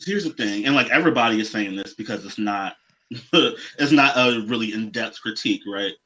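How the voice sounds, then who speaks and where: A man's voice: lowish voice, moderate pace, bright, forceful tone. A man co-hosting a drag show, talking casually and emphatically, sometimes giving little history lessons. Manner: emphatic, lecturing asides, laughs along. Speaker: podcast co-host. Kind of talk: casual chat. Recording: dull lo-fi audio.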